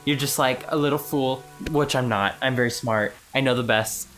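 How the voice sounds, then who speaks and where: A blustering, self-important villain king who brags in short, clipped lines, as a woman puts him on. The voice sits very low and gruff for the game's big bad. Soft music plays faintly underneath. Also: normal speed. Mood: boastful. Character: boastful blustering male villain king, Trump impression.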